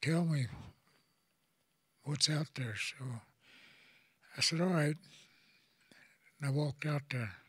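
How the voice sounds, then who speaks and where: An older man from Oklahoma tells a personal story to an audience in a halting, plain-spoken way, often repeating words as he goes. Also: fairly high pitch, breathy edge, no room sound, studio quality. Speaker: elder speaker.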